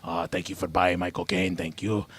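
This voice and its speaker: A man's voice: sits low, flat delivery, normal speed, heavy background noise, pitched below the performer's own voice, lightly acted. A man putting on the voice of a fawning, greedy male head of state who gushes thanks without end. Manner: gushing, endlessly thanking.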